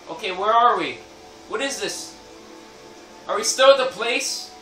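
A man commentates on a video game, cursing constantly and breaking into loud outbursts and laughter. His voice is high and his pace is slow and drawn out. The room echoes, and game music plays behind him. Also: lively intonation, recorded from a distance. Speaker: gameplay commentator. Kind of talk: let's play commentary.

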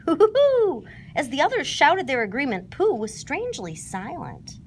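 A woman reading a children's storybook aloud, expressive in her narration. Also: high-pitched, normal speed, noisy background.

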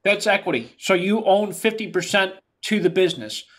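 A lecturer with a New York accent teaches in a classroom. The voice is mid-pitched and the delivery is plain and explanatory. Key terms are said again and again. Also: lively intonation, moderate pace.

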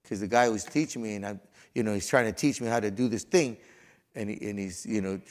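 A pastor delivers a sermon in a lowish, brisk voice. He alternates between loud, fervent passages and quiet, folksy storytelling sprinkled with conversational asides.

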